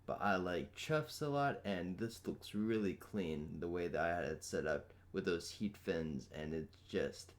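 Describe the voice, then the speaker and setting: A young man with a sore throat and a raspy, hoarse voice, reviewing a product in a casual, rambling vlog. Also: sits low. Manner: casual, loose and rambling with fillers.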